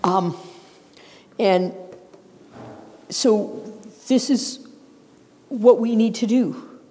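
A woman's voice: fairly high pitch, very slow. Woman preaching in a reverberant hall. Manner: lively storytelling, acts out voices of characters. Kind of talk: sermon. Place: church sanctuary. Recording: long reverb of a large hall.

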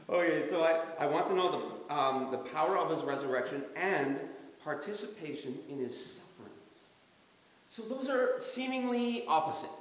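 A man preaching a sermon as pastor in a church, animated, acting out quotes and chuckling often. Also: a little high, slight background noise. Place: church sanctuary during a service. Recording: very echoey hall reverb.

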